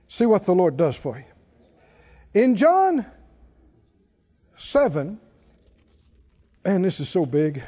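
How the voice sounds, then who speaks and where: A man preaches with a high, mellow voice that swings widely in pitch. He takes his time, laughing between lines and pressing his points. The sound is dull and carries the long reverb of a large hall. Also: wildly swooping pitch, slow, pauses often, breathy edge. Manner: preaching with laughs and rising exhortation. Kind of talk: sermon.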